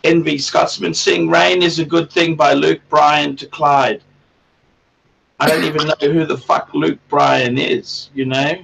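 A man's voice: a little high, level tone, measured pace, gravelly, fairly bright tone, slightly rough, recorded from a distance, poor audio. A man hosting a casual livestream chat, rambling and swearing a lot in a crude way. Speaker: livestream host.

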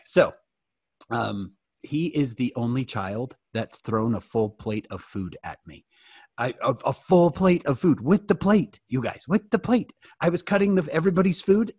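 A man in his forties at home, giving a humorous storytelling talk to teenagers, animated and joking, calling on listeners by name. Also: mid-range voice, no room sound, clean studio sound. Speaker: youth fireside speaker.

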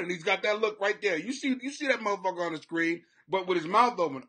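A man hosting a comedy podcast, talking rowdy and profane, often breaking into shouts and silly voices. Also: sits high, lively intonation, quick pace, hardly any pauses. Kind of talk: rowdy comic commentary. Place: home basement.

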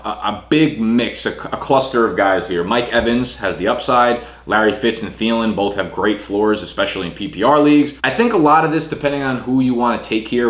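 Fantasy football rankings get a casual, rapid-fire breakdown from a young man whose voice is on the low side with a fairly bright tone. He keeps tossing in "you know" and "right," and the recording picks up plenty of room echo.

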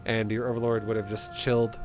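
A young man coaches a StarCraft player over a replay, speaking quickly in a fairly low, level voice with music underneath. He's casual, swears freely, laughs, and acts out little example scenes.

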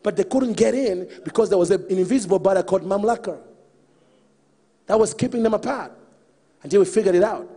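A man with a high, husky voice preaches a lively sermon and keeps calling out to his listeners. His words ring through a large hall with a long reverb. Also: a little fast, pauses often. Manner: animated, calls out to the congregation.

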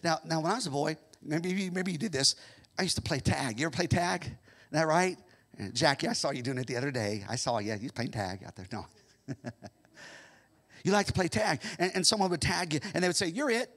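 High, bright-voiced American preacher man. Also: animated, fairly quick. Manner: shouts his peaks, drops to quiet asides. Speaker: pastor. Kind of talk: sermon. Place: church sanctuary.

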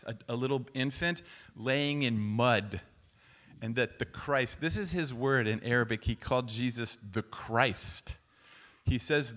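A man preaching to a camp crowd, telling a story with lively acted-out quotes and sudden drops to a whisper. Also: mid-range voice. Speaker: speaker at a youth camp. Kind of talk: storytelling sermon. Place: camp meeting hall.

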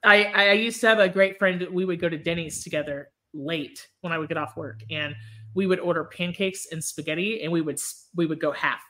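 A woman hosting a podcast in casual chat, animated and laughing often as she acts out movie scenes. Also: fairly low pitch, brisk. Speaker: podcast host.

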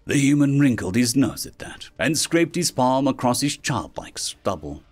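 A man narrating a science-fiction story in an expressive storytelling manner. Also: mid-range voice, normal speed, slightly rough. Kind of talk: scripted sci-fi story narration.

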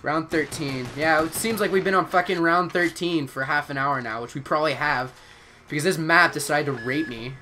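A young man commentating his own game live while streaming, swearing often and panicking out loud. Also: a little high, moderate pace, slight background noise. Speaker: gaming streamer.

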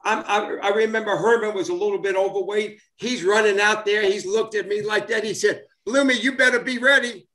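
This guest, a retired baseball player in his seventies, tells old sports tales in a loose, rambling way, often restarting and using fillers. He speaks fairly quickly with hardly any pauses, in a high-pitched, level, slightly bright voice, and the room echoes noticeably.

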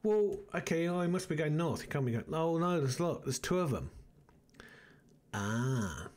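A man's voice: on the high side, very animated, normal speed, a little mellow. A man hosting a let's play, muttering and thinking aloud as he plays, rambling with restarts. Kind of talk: casual gameplay commentary.

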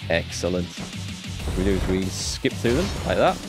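A man's voice: low voice, very animated, unhurried, over music. A man doing casual let's play commentary, making jokey asides and chuckling as he plays.

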